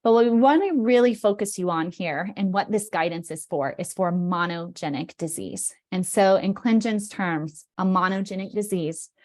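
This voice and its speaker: A woman's voice: mid-range voice, moderate pace, few pauses. Woman walking folks thru a presentation on a video call, lots of um and right?, upbeat. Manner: energetic, explanatory, frequent "um" and "right?". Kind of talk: online presentation.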